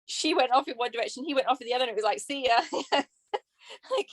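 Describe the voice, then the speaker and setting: A woman's voice: a little high, rapid-fire, no echo. A woman author with an English accent, chatting casually on a podcast and laughing often. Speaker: author guest.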